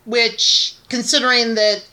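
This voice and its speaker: A woman's voice: fairly high pitch, level tone, takes it slowly, crowd noise. A woman co-hosting a podcast, chatting casually about anime with wry, skeptical remarks. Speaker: podcast co-host. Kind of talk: casual chat reviewing anime.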